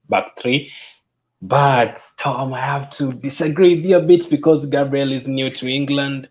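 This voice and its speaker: A man's voice: fairly low pitch, lo-fi sound. A man co-hosting a casual football chat, speaking steadily with many fillers. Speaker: football podcast co-host.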